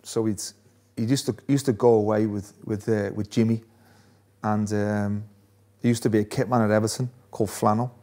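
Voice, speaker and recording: A man's voice: on the low side, steady tone, brisk, warm tone. Chatty man telling stories. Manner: chatty, laughs often, restarts phrases. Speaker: former footballer guest. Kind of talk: casual interview storytelling.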